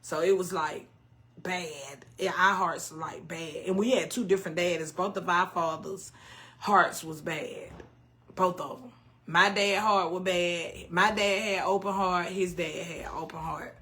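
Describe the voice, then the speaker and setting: A woman's voice: fairly low pitch, fairly even intonation, measured pace, bright, forceful tone. A woman in her early fifties chatting candidly with her viewers, telling a personal story in loose, emotional vernacular. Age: 50s. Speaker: cooking vlogger. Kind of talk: casual chat to viewers.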